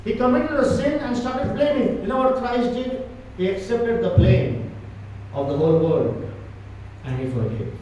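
A man's voice: very high voice, expressive, a little slow, a little mellow, slight background noise. A man preaching a church sermon with emphatic, repetitive delivery. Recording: echoey church hall from far off.

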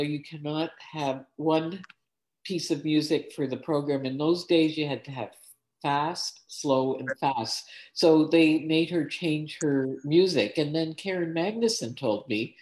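A woman recalling stories about her mother in a relaxed, rambling way over a video call. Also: deep voice, a little slow, poor audio. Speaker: daughter of the coach. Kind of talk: casual storytelling.

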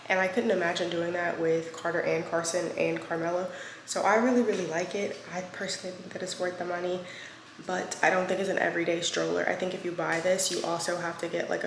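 Chatty young woman in an echoey room. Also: fairly low pitch. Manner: chatty, full of "like" and "um" fillers. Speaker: vlogger and mother of a newborn. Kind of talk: casual home vlog with product review. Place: at home, moving between rooms and the car. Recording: echoey room with clear background noise.

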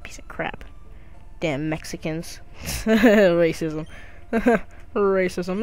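A woman's voice: fairly low pitch, slow, pauses often. Goofy crude woman gaming. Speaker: gamer. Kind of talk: casual let's play commentary.

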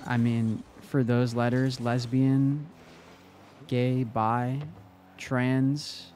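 A man's voice: medium pitch, little pitch movement, drawn-out words, darkish tone, a little hiss or hum. A young man streaming a game, chatting casually and answering his chat. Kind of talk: casual live-stream chat while gaming.

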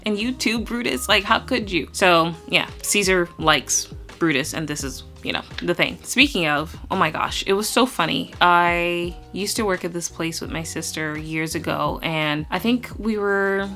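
A woman's voice: lowish voice, measured pace, hardly any pauses, faint music behind. Chatty woman vlogging about books. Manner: chatty, animated, acts out quoted lines, laughs often. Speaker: book vlogger. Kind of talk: casual chat about her reading.

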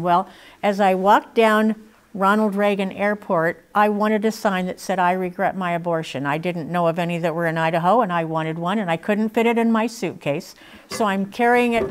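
A woman in her sixties telling her personal testimony in an earnest, emotional way. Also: mid-range voice. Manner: earnest, emotional, laughs between lines. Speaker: speaker sharing her testimony.

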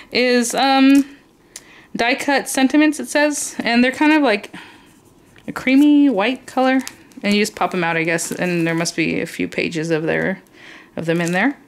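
A woman's voice: medium pitch, slight background noise. A woman chatting casually while unboxing craft supplies, rambling and enthusiastic with lots of fillers. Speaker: crafting YouTuber.

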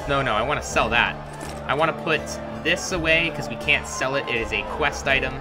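Speaking fairly quickly in a mid-range voice, this let's play host trades wry, chatty remarks while he plays. He's getting over a chest cold, and his casual commentary sits over the game's music.

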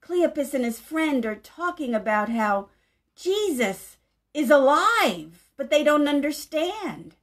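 A woman pastor reading a picture-book story to young children in a gentle, animated way, asking them to find things on the page. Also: high-pitched, slow pace.

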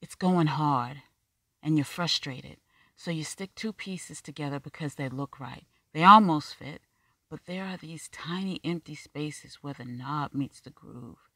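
A reader giving voice to a restless, talkative Black man pouring out his worries, his voice pitched up and pleading. He rambles with nervous honesty, recorded close and dry with no room around it. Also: measured pace, bright, forceful tone, dry recording. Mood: earnest. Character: anxious rambling Black man, fast talker. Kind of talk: audiobook dialogue reading.

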